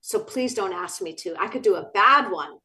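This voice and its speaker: A woman guest on a talk show, answering with enthusiasm and expressive delivery. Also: mid-range voice, moderate pace. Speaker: guest author. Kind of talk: interview answers.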